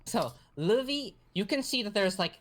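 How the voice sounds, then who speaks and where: A woman's voice: medium pitch, animated, moderate pace. A woman narrating as game master in a casual, rambling way, laughing and swearing often.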